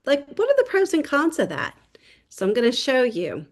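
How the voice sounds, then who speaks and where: A woman real estate agent gives a casual tip to other agents. She talks in a chatty, storytelling way and slips into quick voices for the people in her story. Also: high-pitched, huge pitch swings. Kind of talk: casual how-to tip video.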